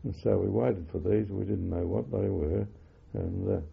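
Older man, low gravelly voice, halting wartime recollection, muffled phone-like audio. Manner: halting, many fillers and self-corrections. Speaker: interviewee. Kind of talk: oral history recollection.

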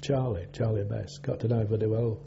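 In an oral history interview, an older man who served as a navy sailor recalls his time in a rambling, halting way, full of fillers. His voice sits on the low side, steady in tone and creaky. The audio is dull and lo-fi, with a faint hum.

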